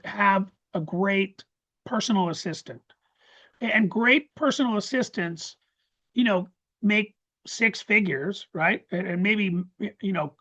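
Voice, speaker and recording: Man, webinar presenter, excitable, stammering restarts, muffled lo-fi call audio. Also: high voice. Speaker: course presenter. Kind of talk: casual live webinar talk.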